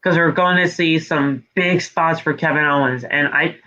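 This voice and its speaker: A high, bright-toned man talks through a wrestling show on a podcast, swearing freely and recapping the action move by move. The audio is dull and lo-fi. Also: moderate pace. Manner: profane, animated play-by-play recapping. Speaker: podcast co-host. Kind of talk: casual wrestling recap chat.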